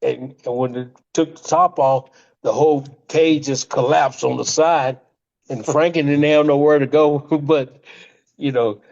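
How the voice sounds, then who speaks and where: An older man, a retired wrestler, tells stories in an interview with a gravelly, mellow voice that sits a bit high for a man. He laughs often and restarts his sentences. The audio sounds slightly muffled. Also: a little slow. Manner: animated storyteller, frequent laughs and restarts. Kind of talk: storytelling interview.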